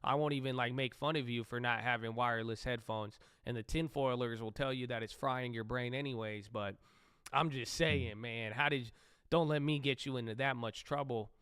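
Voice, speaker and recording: A man hosting a live trading stream, chatting loosely and cracking profane jokes. His voice is bright, crisp and smooth, with a dry, close sound and no room around it. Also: mid-range voice, fairly even intonation, moderate pace, no room sound. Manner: rambling, joking, profane. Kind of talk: casual chat while trading.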